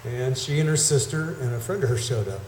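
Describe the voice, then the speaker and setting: A middle-aged man, suffering from a head cold, delivers a storytelling eulogy outdoors, wandering through anecdotes and often correcting himself. He speaks at medium pitch and a little fast. There is heavy background noise, and the recording sounds echoey with faint ambience.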